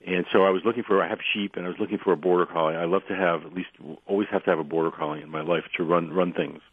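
A man guest on a radio show telling long anecdotes in a rambling way, losing his voice and clearing his throat often. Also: deep voice, fairly even intonation, rapid-fire, no echo. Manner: rambling anecdotal storyteller, frequent restarts. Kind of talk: radio interview, storytelling. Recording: dry narrow phone-line sound.

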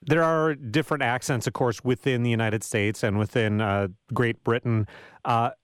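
A man's voice: medium pitch, steady tone, normal speed, background noise. A man hosting a radio interview, asking questions in a conversational, musing way with hesitant restarts.

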